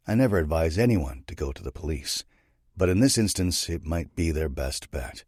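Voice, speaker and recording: A man narrating a first-person dark romance audiobook with a grim, tense delivery. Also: very deep voice, expressive, moderate pace, slightly rough, no echo, studio quality.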